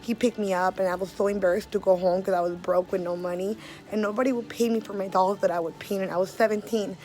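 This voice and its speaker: A young woman from the Los area, an artist telling her own story in blunt, profane words, loud one moment and hushed the next. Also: medium pitch, fairly even intonation, fast. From Los Angeles area. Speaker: street artist. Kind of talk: candid personal storytelling.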